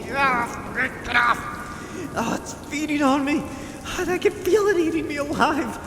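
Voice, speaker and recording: A man's voice: very high voice, measured pace, roomy sound, long reverb tail, noisy background, voice pushed up. A man doing a shrieking panicked young hero. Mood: terrified. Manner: frantic screaming. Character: panicked young male hero, screaming in terror.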